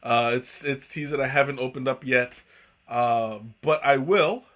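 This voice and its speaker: A man's voice: medium pitch, steady tone, a little slow, fairly bright tone. Rambling, hesitant man hosting a live stream. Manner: rambling, hesitant, many fillers and restarts. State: hiccuping. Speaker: tea livestream host. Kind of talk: casual live-stream chat.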